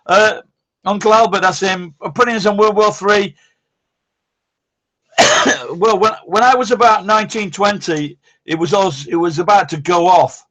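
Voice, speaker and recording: A man's voice: sits high, a little slow, long pauses, fairly bright tone. A man, hosting a casual live-stream chat, rambling, blunt and swearing constantly. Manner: rambling, blunt and heavily profane.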